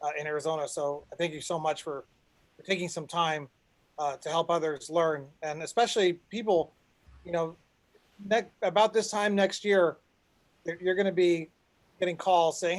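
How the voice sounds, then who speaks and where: A man's voice: a little high, fairly even intonation, moderate pace. A man hosting an online panel, talking in a rambling way with frequent restarts, over a video call. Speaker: panel host.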